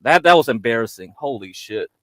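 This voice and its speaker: Bright-voiced man gloating on a stream panel. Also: mid-range voice, lively intonation, brisk, dry recording. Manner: taunting, gloating, sing-song jeers. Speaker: livestream panel regular. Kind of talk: mocking on-air argument.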